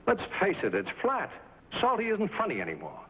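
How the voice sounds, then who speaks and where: A man's voice: sits high, wildly swooping pitch, brisk, pushed and bright, breathy edge, heavily acted. An actor playing a blunt, exasperated male talent agent in a 1950s TV drama. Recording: dull old TV soundtrack with faint hiss.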